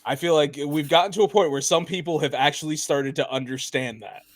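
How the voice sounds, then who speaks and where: A man co-hosting a casual review podcast, animated and laughing often as he talks. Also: on the high side, a little fast, dry recording. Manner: animated, laughs often, mimics voices in quotes. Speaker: podcast co-host.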